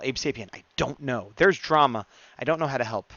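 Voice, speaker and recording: A man's voice: medium pitch, fairly quick, bright, forceful tone, no room sound, dull audio. A man streaming live as he draws, chatting casually and muttering to himself as he works. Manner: chatty, mumbles to himself, reads chat aloud. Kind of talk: casual live-stream chat while drawing.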